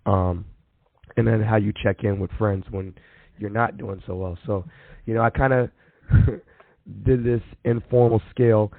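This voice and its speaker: Gravelly-voiced man hosting a casual podcast. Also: on the low side, no room sound. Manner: easygoing, stumbles over words and laughs at himself. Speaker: podcast host. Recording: phone-like narrow sound.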